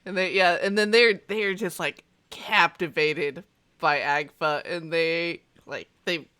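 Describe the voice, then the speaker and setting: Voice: medium pitch, fairly even intonation, takes it slowly, pushed and bright, clean tone. A game master narrating a tabletop game in a casual, hesitant way with many fillers.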